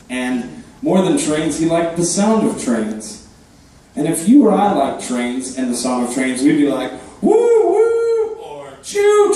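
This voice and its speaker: A man doing a deadpan, self-deprecating stand-up set on a club stage, hosting the show and dropping quick asides. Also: fairly high pitch, far from the mic. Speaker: stand-up comedian and host. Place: comedy club stage before a live crowd. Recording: echoey room, voice from afar.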